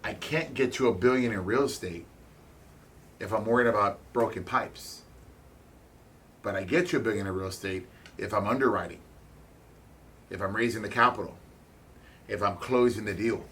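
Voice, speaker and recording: A man giving a blunt, candid motivational talk as a real estate investor, swearing freely, speaking in quick bursts with halting restarts. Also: on the low side, fairly bright tone, a little hiss or hum.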